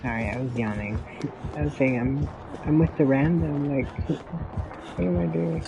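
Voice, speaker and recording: A man's voice: fairly high pitch, steady tone, normal speed, gravelly, dull audio, over music. A man chatting casually as he streams a video game, rambling and laughing often. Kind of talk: casual gameplay commentary.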